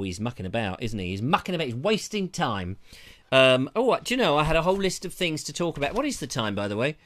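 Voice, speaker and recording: A man's voice: high voice, fairly bright tone. A man hosting a live show, chatting casually in a rambling, jokey way and often interrupting himself, on a lavalier mic. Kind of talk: casual live-stream chat.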